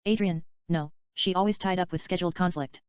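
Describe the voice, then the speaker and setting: A chatty, daydreaming male screenwriter, read aloud by a woman talks his way through his ideas. The voice is smooth and a little low, with no real change for the part. The sound is dry and close, and a bit dull and lo-fi. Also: fairly quick, no echo, close to an everyday voice. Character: adult male screenwriter, dreamy and rambling. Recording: dull, slightly lo-fi dry recording.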